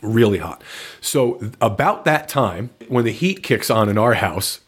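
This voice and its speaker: A man recounting a personal story in frank, casual podcast chat, relaxed and matter-of-fact. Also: fairly low pitch, a little slow, breathy edge.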